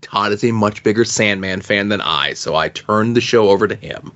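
A man's voice: on the low side, moderate pace, fairly bright tone, muffled recording. A man co-hosting a podcast, introducing a segment in an organized way and handing over to his partner. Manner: organized, segues between segments. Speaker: podcast co-host.

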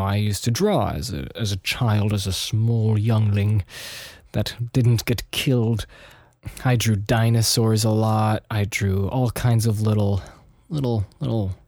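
Rambling man with a mellow voice. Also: mid-range voice, no room sound, clean studio sound. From United States and Austria. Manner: meandering, hesitant, many restarts. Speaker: podcast host. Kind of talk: rambling personal storytelling. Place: studio.

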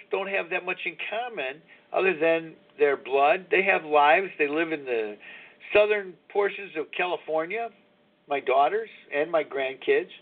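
Man in his sixties on a tinny line. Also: on the high side. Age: 60s. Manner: rambling, confessional, chuckling. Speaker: radio show host. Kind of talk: candid recovery talk show monologue. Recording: tinny phone-line sound.

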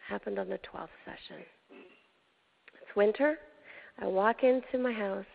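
An older woman hosting a show, telling a personal story with emotion, dramatic pauses and hushed moments. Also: medium pitch, gravelly. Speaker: show host. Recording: tinny phone-like sound.

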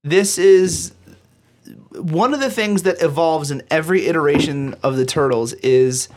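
A podcast host who has been drinking chats about a film, a little tipsy, rambling and self-deprecating with plenty of fillers. His voice is a little high and a little slow, with a darkish tone.

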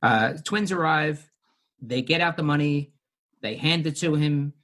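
A man's voice: a little high, a little slow, fairly bright tone. A man recapping and discussing a television episode with co-hosts in a casual chat, with frequent fillers.

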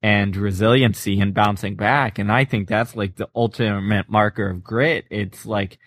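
A man's voice: lowish voice, moderate pace, no echo, clean studio sound. A man who has run at college and pro level, talking casually and often saying "like.". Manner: relaxed, uses "like" often. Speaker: former pro runner, co-host. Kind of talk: casual podcast conversation.

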